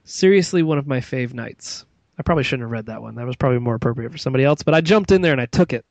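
A man's voice: medium pitch, lively intonation, very fast, no room sound, muffled recording. A man co-hosting a podcast in casual chat, self-mocking and mock grumpy. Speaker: podcast co-host.

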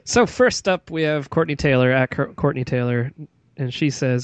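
A man's voice: medium pitch, normal speed, no echo, lo-fi sound. A man co-hosting a podcast in casual chat, self-mocking and mock grumpy. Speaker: podcast co-host.

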